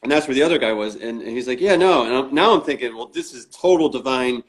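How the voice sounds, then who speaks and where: Male interview guest, mid pitch, casual storyteller who acts out quotes and uses lots of fillers. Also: quick pace. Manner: acts out quoted dialogue in his stories; frequent restarts and fillers.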